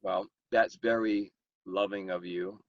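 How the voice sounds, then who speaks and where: A man's voice: deep voice, slow, no room sound, muffled recording. A man, hosting a casual group discussion as the author and acting out people as he talks. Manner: animated, acts out exaggerated characters mid-story.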